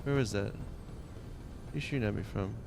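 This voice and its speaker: A man's voice: lowish voice, a little fast, vocal fry. A man with a Long Island accent giving casual gameplay commentary, mumbling half to himself while he loots. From Long Island, New York. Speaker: gaming streamer. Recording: noisy game audio underneath.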